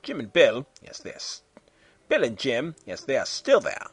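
A man reading a humorous story aloud in an animated way, slipping into silly character voices. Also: mid-range voice, normal speed, husky, no echo. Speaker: fan fiction reader.

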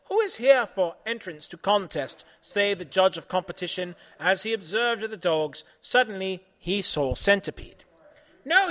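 Guy reading goofy fan fiction out loud, high bright voice, swoops all over the place. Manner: theatrical, bursts into loud shouted voices. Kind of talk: comic live reading to an audience.

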